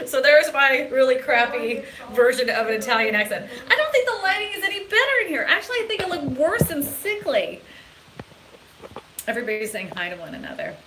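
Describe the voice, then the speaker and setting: Bright, chatty woman live-streaming on a phone. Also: a little high, big pitch swings, brisk, rough recording. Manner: chatty and giggly, rambling with restarts. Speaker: real estate agent and YouTube vlogger. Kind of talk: casual live-stream chat. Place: hotel room and bathroom. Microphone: phone camera.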